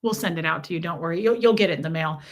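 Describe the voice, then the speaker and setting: A woman's voice: on the low side, rapid-fire. A middle-aged woman hosting a casual livestream, chatting and reading out viewer messages. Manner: chatty, reads out chat messages, coos at a kitten. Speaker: livestream host.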